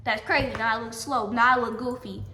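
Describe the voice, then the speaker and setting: A woman's voice: on the high side, steady tone, a little fast, sharp tone, reverberant. A woman telling a storytime vlog emphatically, repeating her points and calling her viewers y'all. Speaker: vlogger.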